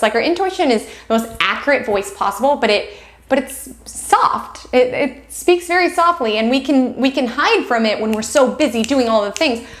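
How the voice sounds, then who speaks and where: A young adult woman hosting an astrology video, talking gently and reassuringly straight to her viewers. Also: on the high side, echoey room. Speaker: astrology channel host. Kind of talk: direct-to-camera astrology forecast.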